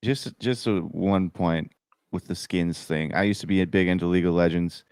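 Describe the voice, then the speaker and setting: A man co-hosting a podcast in casual chat, animated and jokey, grumbling about his games. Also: low-pitched, moderate pace, smooth, dry recording. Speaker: podcast co-host and gaming creator.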